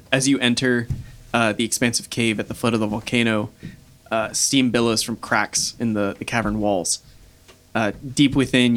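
A man's voice: lowish voice, a bit bright. A man running a tabletop game as game master, narrating loosely with lots of fillers.

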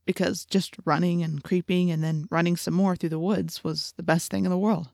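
An earnest, friendly teenage boy , as a woman narrator reads him, talks in a low, confiding tone. The voice sits fairly low and sounds close and dry. It is an audiobook reading. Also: fairly even intonation, moderate pace, vocal fry, dry recording. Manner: quiet, confiding.

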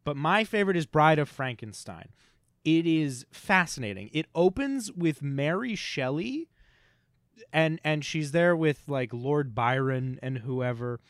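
A man's voice: fairly high pitch, expressive, unhurried, no room sound, clean studio sound. A man co-hosting a podcast, rambling and joking casually, swearing now and then. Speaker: podcast co-host.

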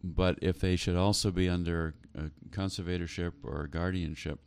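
A man's voice: low voice, flat delivery, moderate pace, gravelly, darkish tone, clear, resonant tone, no echo. A man hosting a talk show interview, asking earnest questions with frequent hesitations. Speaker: host.

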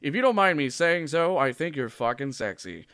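A man's voice: fairly high pitch, very animated, normal speed, pushed and bright, dry recording, clean studio sound, exaggerated voice. A man reading aloud the lines of a smug male billionaire TV news anchor from an erotica story, in a boastful, cheesy manner. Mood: flirty.

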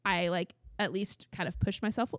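A podcast co-host recaps reality TV in a casual, chatty way, peppering her speech with likes and ums and acting out quotes. Her mid-range voice keeps a fairly even intonation at a moderate pace. The recording is studio quality with no room sound.

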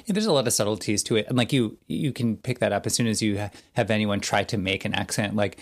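A man in his thirties co-hosting a podcast, relaxed and joking as he tells stories in a casual chat. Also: lowish voice, fast. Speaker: podcast co-host.

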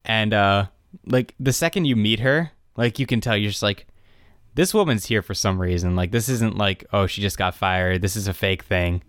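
A man's voice: lowish voice, moderate pace, clear, resonant tone, no room sound, studio quality. Young man animatedly recapping a show. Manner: animated retelling, quotes characters in raised voices. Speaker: podcast co-host recapping a show. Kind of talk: casual chat.

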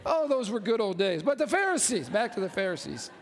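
Brief: high-pitched male pastor, animated sermon, long church reverb. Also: a little fast. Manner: animated, joking, calls out to congregation.

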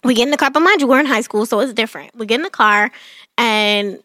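A young woman co-hosting a casual chat, chatty and quick to laugh. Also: on the high side, bright, forceful tone, dry recording, studio quality. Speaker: podcast co-host.

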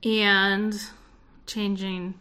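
A woman from North Carolina co-hosting a casual podcast. Her voice is bright and forward, and she talks in a chatty way, doubles back to correct herself, and laughs easily. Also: mid-range voice, flat delivery, extremely slow. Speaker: podcast co-host. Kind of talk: casual chat.

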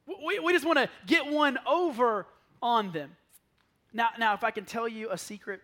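A man preaching a sermon to a church, telling lively stories and dropping to a near whisper for asides. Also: extremely high pitch, normal speed. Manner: animated storytelling, drops to a near whisper for asides. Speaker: pastor. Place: church sanctuary.

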